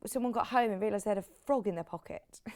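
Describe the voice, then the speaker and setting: A woman's voice: mid-range voice, fast, darkish tone. A British woman hosting a live TV shopping show, chatty and rambling, with lots of asides. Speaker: shopping channel host.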